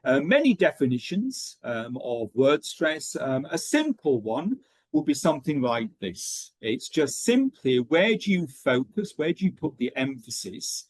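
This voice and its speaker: A man running an online teacher training session, talking in a steady rhythm with frequent ums and okays. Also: fairly high pitch, a little slow, few pauses, no echo, rough recording.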